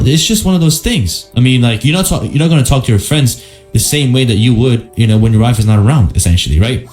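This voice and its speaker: A man's voice: mid-range voice, darkish tone. A man hosting a casual commentary, rambling with lots of fillers and rhetorical questions. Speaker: host and commentator.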